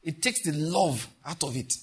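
Husky-voiced male pastor preaching. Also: fairly high pitch, normal speed. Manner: emphatic preaching with rhetorical questions. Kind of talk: sermon.

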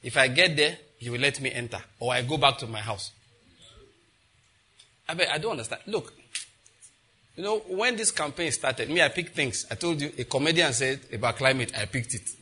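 A man's voice: medium pitch, expressive, normal speed, bright, forceful tone, breathy edge. A married man preaching a sermon, boldly leading the congregation in repeated declarations with humor. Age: adult, married. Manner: bold, humorous, leads the crowd in repeated declarations. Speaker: pastor. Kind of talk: sermon with call-and-response declarations.

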